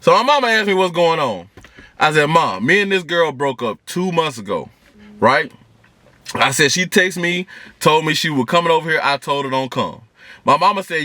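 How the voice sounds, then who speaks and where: Animated man telling a story. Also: fairly high pitch, moderate pace, no room sound. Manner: animated, slangy storytelling with voiced quotes. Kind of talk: casual storytime. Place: car. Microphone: camera in the car.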